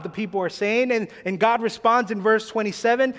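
Guy preaching a sermon, high voice, leans hard on his words, big reverby hall. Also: normal speed, hardly any pauses, fairly bright tone. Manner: emphatic, rising to pleading bursts.

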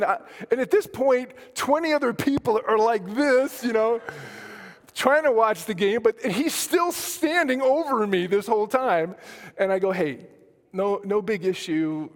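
A man's voice: very high-pitched, normal speed. A man, a pastor from Colorado, preaching a sermon in a storytelling way with self-deprecating humor and frequent restarts. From Colorado, USA. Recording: long hall reverb.

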